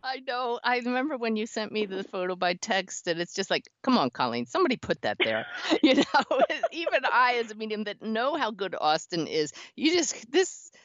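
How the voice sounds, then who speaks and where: A woman's voice: on the high side, animated, normal speed, a bit bright, dry recording. A woman host who works as a medium, chatting in an encouraging way and steering the conversation. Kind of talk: conversational interview. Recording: dull, muffled audio.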